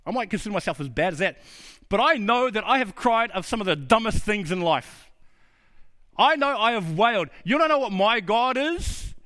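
Earnest high-voiced New preacher. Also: male voice, expressive, moderate pace. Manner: earnest, personal storytelling with sudden drops to a low, quiet voice. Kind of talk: sermon.

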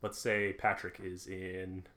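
Male podcast host, low voice, laughs a lot, ribs his friends while recapping a film; faint noise behind. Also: level tone, slow pace, a bit bright. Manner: laughs often, teases co-hosts. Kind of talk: casual movie recap chat.

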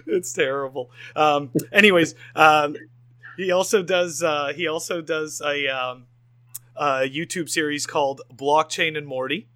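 A man's voice: fairly high pitch, takes it slowly, bright, forceful tone. A man hosting a casual podcast interview, enthusiastic and rambling, with lots of fillers and restarts. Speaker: podcast host.

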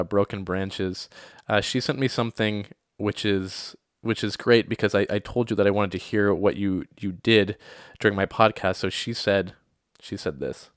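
A young adult man hosting a podcast, telling stories casually with lively acted-out quotes. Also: lowish voice, moderate pace, smooth, no echo, studio quality. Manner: animated, lots of acted-out quotes and laughter. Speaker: podcast host. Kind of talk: casual storytelling monologue.

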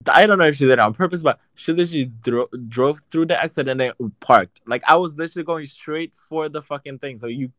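A man in casual chat, telling a story in an animated, profane and sassy way. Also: fairly high pitch, quick pace, hardly any pauses, no echo.

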